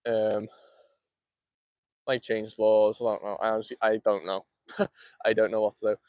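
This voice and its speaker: A man's voice: fairly low pitch, little pitch movement, darkish tone, clear, resonant tone, no echo. Chatty Scouse man fishing in the cold. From Liverpool, England. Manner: fast, chatty, laughs often. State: cold, shivering. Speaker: fishing streamer. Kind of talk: casual live-stream chat while fishing. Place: outdoors by a lake.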